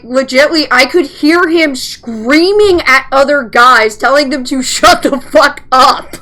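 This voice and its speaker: A woman whose voice sits high, pushed and bright, tells a story while playing a game. She's a let's play gamer, and her casual storytelling is chatty and profane.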